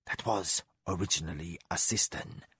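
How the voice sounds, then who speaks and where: A cool-headed spy master who keeps his words few and his voice down low, as a male narrator puts him on. He sounds dark and flat in a dry, close audiobook read, every line clipped and measured. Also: husky, dry recording, full character voice. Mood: hushed. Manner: low, hushed and terse. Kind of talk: audiobook character voice.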